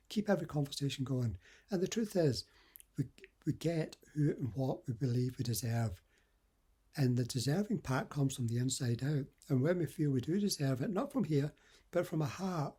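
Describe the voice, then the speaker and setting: A middle-aged dating coach from the west coast of Scotland offers motivational advice on dating and confidence. His medium-pitched voice is mellow and warm with a husky edge, and he speaks earnestly and conversationally. He often acts out short example dialogues.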